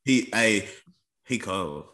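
A man's voice: on the low side, expressive, slow, pushed and bright. A man co-hosting a casual podcast from a studio, talking in a laid-back, joking way with swearing. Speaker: podcast co-host. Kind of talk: casual chat. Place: recording studio.

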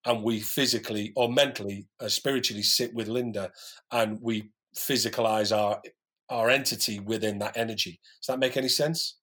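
A man's voice: lowish voice, fairly even intonation, normal speed, fairly bright tone. A man guest on a podcast, earnestly telling a personal story in casual chat with many restarts. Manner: earnest, talks in restarts and asides.

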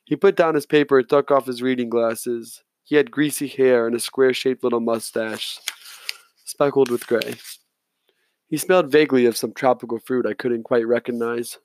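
A man reading a novel aloud in measured, subdued first-person narration. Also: medium pitch, fairly even intonation, darkish tone, no room sound. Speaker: audiobook narrator.

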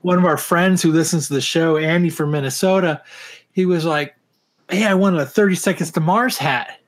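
A man with a high-pitched voice tells stories in a casual podcast chat. He rants in an animated way and swears constantly. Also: normal speed. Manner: profane, animated ranting storyteller.

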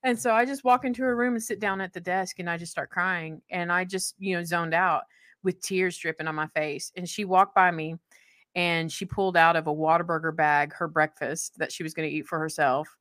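A woman's voice: fairly low pitch, steady tone, brisk, a bit bright, no echo. Heartfelt woman telling a story, dry sound. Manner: heartfelt, laughs often mid-sentence. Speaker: guest telling a personal story. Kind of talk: casual conversational storytelling.

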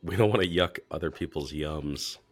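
A man with a strikingly deep voice co-hosting a casual podcast. He talks in a relaxed, agreeable way. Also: normal speed, slightly rough. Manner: laid-back, agreeable. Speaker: podcast co-host.

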